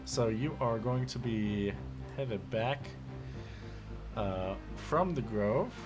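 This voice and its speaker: A man narrating a tabletop game as game master, halting with many fillers. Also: medium pitch, lively intonation, music in the background.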